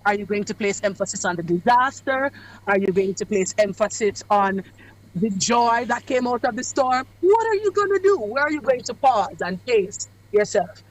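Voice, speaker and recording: A woman's voice: fairly high pitch, animated, low-quality recording. Emphatic woman giving advice. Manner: measured, emphatic, preacher-like cadence with deliberate pauses. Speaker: guest speaker on public speaking. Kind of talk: radio interview advice. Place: away from the studio.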